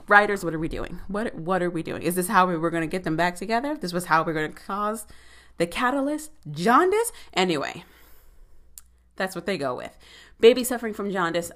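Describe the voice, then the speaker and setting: A woman's voice: lowish voice, brisk. A woman casually recapping a TV episode, talking in sassy, profane asides with plenty of filler words. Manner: sassy, profane, animated commentary.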